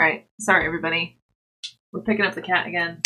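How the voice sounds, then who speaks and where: While knitting on a livestream, a young woman chats loosely with her viewers, giggling often and talking to her cat as readily as to her chat. Her soft, breathy voice sits at a middle pitch, and she speaks a little fast.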